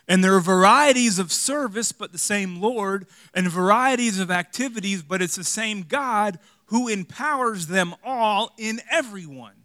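A man preaches with a bright, forceful, slightly high voice. He swings between emphatic loud lines and hushed, confiding asides, full of rhetorical questions and light jokes. The sound is dry and close. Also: a little slow, hardly any pauses, no echo. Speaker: pastor. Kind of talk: sermon.

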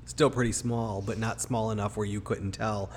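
A man with a lowish voice ranting on a podcast, cursing constantly and getting worked up. He sits close to a home mic that runs hot. A faint hiss hangs under the recording. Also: little pitch movement, normal speed. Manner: profane, ranting, loud. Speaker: podcast co-host. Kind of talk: casual podcast chat. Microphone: close home podcast mic, hot levels.

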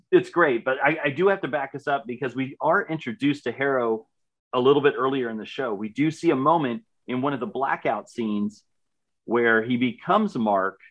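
Enthusiastic man co-hosting a podcast. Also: mid-range voice. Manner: enthusiastic, repeats words when starting. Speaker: podcast co-host. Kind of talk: casual chat reviewing a TV series.

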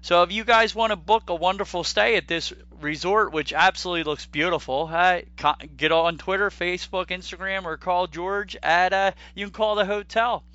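A bright, somewhat high-voiced man hosting a podcast, chatty and quick to laugh. He stumbles over his words now and then. The sound is dry and close, with faint music underneath. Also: no room sound, lo-fi sound. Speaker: podcast host. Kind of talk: casual podcast chat.

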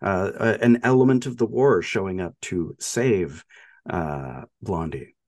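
A man's voice: deep voice, a little slow, a little mellow, no echo. A man co-hosting a podcast, casually retelling a movie with lots of laughs and filler words. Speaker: podcast co-host.

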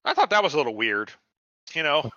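A man's voice: a little high, sing-song, quick pace, pushed and bright, no room sound, dull audio. A man co-hosting a podcast, casually retelling a TV show with heavy swearing and quoted voices. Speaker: podcast co-host. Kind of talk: casual chat recapping a TV show.

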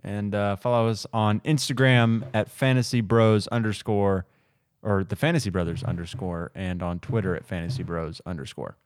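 A man with a lowish, clear, resonant voice speaks at a moderate pace with fairly even intonation, recorded dry with clean studio sound. He's a podcast host in casual chat, laughing easily and rambling a bit.

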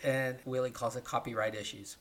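A man's voice: mid-range voice, fairly even intonation, a little fast, a bit bright, slight background noise. Podcast host, man, mid-range voice, loose rambling recap style, keeps checking in with "right?". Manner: rambling retelling, tags lines with "right?". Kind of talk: casual chat.

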